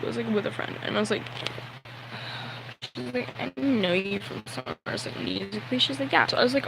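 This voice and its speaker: A man's voice: high-pitched, background noise. A young man telling a story on a livestream, nervous and sweaty, talking in a rambling way full of "like" and acting out the people in his story.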